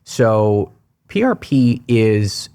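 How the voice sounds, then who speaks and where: A man, a hair restoration surgeon, giving fast technical explanations in a podcast interview. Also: lowish voice, big pitch swings, mellow, clean tone.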